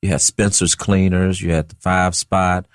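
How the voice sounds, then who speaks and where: A man from St. Louis in a casual group discussion, telling neighborhood stories in a measured, reminiscing way. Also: sits low, level tone, clean tone, no echo, clean studio sound. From St. Louis, USA. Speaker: discussion panelist.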